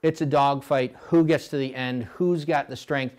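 A middle-aged man coaching coxswains at a clinic, blunt and animated, now and then mimicking rowers in a high voice. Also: moderate pace. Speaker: rowing coach.

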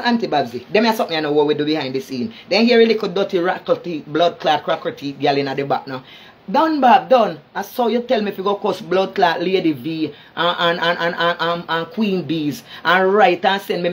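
A man's voice: high-pitched, husky. A man with a Jamaican accent in an angry, confrontational social media rant, cursing constantly and tripping over repeated words. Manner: cursing heavily, stammering repeats; heated, confrontational.

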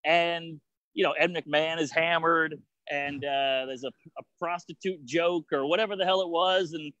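A fairly high-pitched man talks over a video call, the sound dry and close. He riffs in a rapid, profane way, dropping into mocking quoted voices as he goes. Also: fairly even intonation, pushed and bright, dry recording, dull audio. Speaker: guest comedian. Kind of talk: casual podcast chat.

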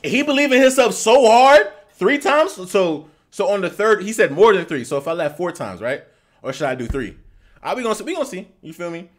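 Loud lively young man reacting. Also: high-pitched, brisk. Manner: loud, excitable slangy talk. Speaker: reaction video host. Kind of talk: casual reaction commentary.

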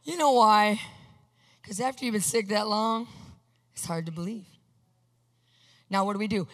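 A woman preaching a testimony sermon, telling her story with energy, acting out each exchange and bursting into excited shouts. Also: mid-range voice, moderate pace, long pauses. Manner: animated storyteller acting out dialogue. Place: large hall with a screen. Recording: long hall reverb.

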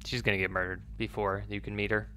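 A man's voice: lowish voice, flat delivery, fast talker, sharp tone, a little hiss or hum. A man playing through a story game, reading the dialogue aloud and joking about it between lines. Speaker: gaming YouTuber. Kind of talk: let's-play commentary reading dialogue.

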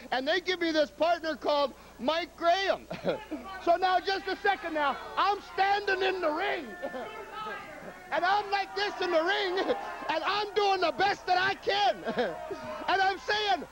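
A brash man delivers a wrestling promo. His voice sits very high as he boasts and taunts in loose slang, laughing between lines. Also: expressive, unhurried, poor audio.

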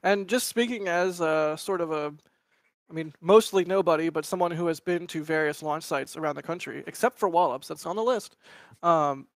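Guy with a slightly high voice thinking out loud, kinda unsure, dry sound, casual live show. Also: normal speed, no echo. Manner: tentative, thinking aloud. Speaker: co-host, photographer.

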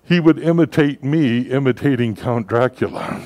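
A pastor gives a sermon, telling stories in a relaxed, conversational style with frequent filler words. He speaks at medium pitch and a moderate pace, with no echo.

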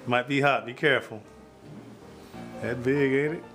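A man's voice: medium pitch, steady tone, moderate pace, fairly bright tone, reverberant, faint music behind, poor audio. A man hosting a casual home cooking show, joking and hyping each step straight to his viewers.

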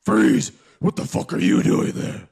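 A man voicing a jealous, hotheaded male caped crusader who leaves ranting, swearing voicemails in a very gravelly growl. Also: measured pace, a little mellow, natural voice. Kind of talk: comedy voicemail sketch.

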